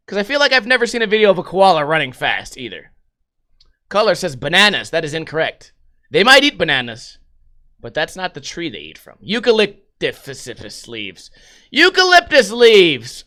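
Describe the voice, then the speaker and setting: A man's voice: high-pitched, sharp tone. A young man hosting a livestream podcast, telling crude, rambling stories with heavy swearing in casual chat. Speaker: podcast host.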